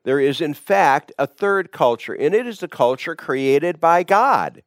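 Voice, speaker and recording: A man preaching a sermon, emphatic and repetitive, building his points through deliberate repetition. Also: on the high side, expressive, no echo, studio quality.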